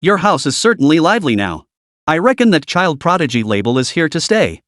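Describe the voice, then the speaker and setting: A man's voice: fairly high pitch, sing-song, a little fast, a bit bright, no echo, studio quality. A man voicing a playful, teasing godmother in an audio story, with a giggly, theatrical way of talking.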